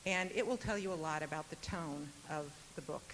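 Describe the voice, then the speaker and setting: A woman's voice: low-pitched, a little fast, a bit bright. A woman moderating a university panel, speaking in a witty, chatty way with some fillers. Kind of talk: public talk. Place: lecture hall. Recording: noisy hall recording with hiss.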